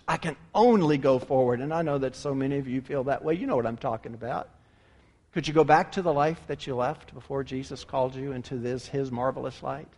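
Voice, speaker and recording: A man preaching a sermon with emphatic delivery, rising to loud peaks and dropping low. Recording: long hall reverb.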